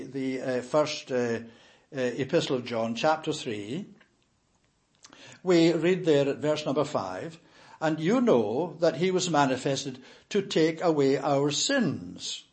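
A man preaching a sermon in a measured, emphatic way, with frequent hesitations and filler sounds. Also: on the high side.

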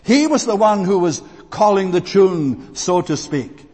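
A man preaching a sermon in an earnest, emphatic and deliberate way. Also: high-pitched, expressive, darkish tone, breathy edge, in a large hall.

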